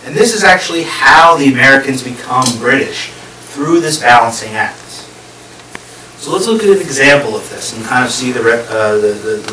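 A man lecturing on history as a guest speaker addresses a live audience in a bright, pushed voice of medium pitch. He builds his explanation gradually and asks the listeners questions along the way. The sound is echoey and distant, with light hiss.

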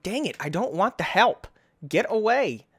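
Excitable young man commenting on a game. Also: a little slow, husky. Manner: excitable, sudden high yelps and self-mocking groans. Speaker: gaming channel host. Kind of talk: playthrough commentary.

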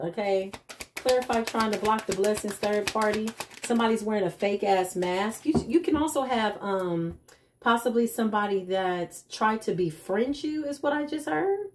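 A woman's voice: mid-range voice, darkish tone. A woman giving a casual tarot reading straight to her viewers, chatty and emphatic, with slangy asides. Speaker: tarot reader.

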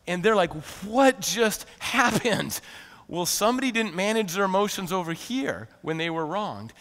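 A man preaching a sermon as pastor, animated and conversational, often laughing and acting out quotes. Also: fairly high pitch, long reverb tail. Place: church sanctuary.

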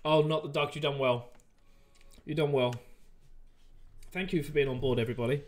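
A man's voice: a little high, fairly even intonation, moderate pace, darkish tone. A man hosting a live stream, chatting casually and joking in rambling banter. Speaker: livestream host.

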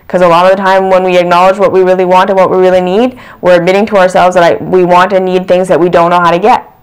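Earnest self-help vlogger, smooth clear voice, mid pitch, keeps repeating lines to hammer them home. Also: flat delivery, fast. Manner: earnest, repeats phrases for emphasis. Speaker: channel host. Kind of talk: reflective self-help talk.

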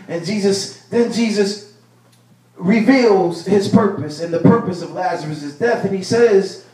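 A male pastor preaching a sermon, building to loud bursts and repeating his phrases. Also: high-pitched, unhurried. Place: church sanctuary. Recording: echoey church room, mic at a distance.

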